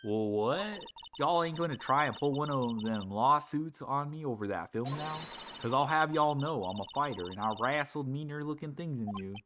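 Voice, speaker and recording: A man's voice: mid-range voice, expressive, normal speed, few pauses, a bit bright, a little hiss or hum, lightly acted. Man doing a brash Southern drawling gal. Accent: put-on Southern drawl. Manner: folksy, feisty, drawling. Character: brash loud young Southern woman photographer. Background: game music.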